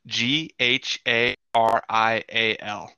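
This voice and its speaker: Young dude gaming with friends, bright tense voice, muffled lo-fi mic, keeps saying dude. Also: male voice, mid-range voice, fairly even intonation, slow, smooth, dry recording. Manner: playful, defensive, says dude a lot. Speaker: co-host. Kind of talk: casual chat while playing a game.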